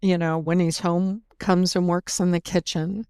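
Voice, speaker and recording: Chatty woman telling her story, smooth voice. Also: lowish voice, level tone, a little slow, darkish tone, dry recording, clean studio sound. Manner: chatty, full of fillers and quoted asides. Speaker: podcast guest, brewpub co-owner. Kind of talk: casual interview chat.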